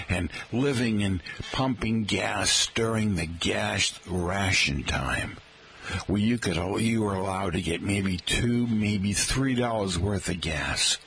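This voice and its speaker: A man with a low, deep voice talks on his radio show. He rambles through stories and keeps breaking off to address his listeners directly. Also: fairly bright tone, slight background noise, poor audio. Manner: rambling, anecdotal, chatty asides to listeners. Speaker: radio host. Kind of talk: talk radio monologue.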